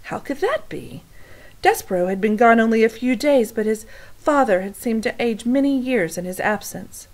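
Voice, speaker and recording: A woman's voice: on the high side, expressive, moderate pace, low-quality recording. Woman reading a children's book aloud. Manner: warm direct address to listeners. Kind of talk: read-aloud storytime.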